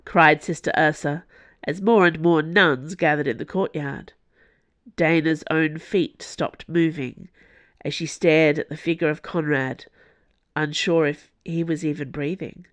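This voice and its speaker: A woman narrating an audiobook in a slow, measured reading. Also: sits low, fairly even intonation, dry recording.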